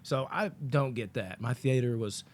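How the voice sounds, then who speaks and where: A man's voice: medium pitch, measured pace, slight background noise. A man casually reviewing a movie on his vlog, telling long stories in a rambling, profane way with lots of fillers.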